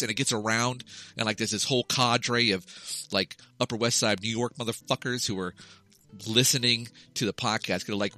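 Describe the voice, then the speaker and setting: Tipsy, joking man with a bright voice. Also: lowish voice, fairly even intonation, brisk, soft background music. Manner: jokey, profane, goes off on riffs. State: tipsy from drinking. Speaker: podcast co-host. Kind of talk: casual podcast chat.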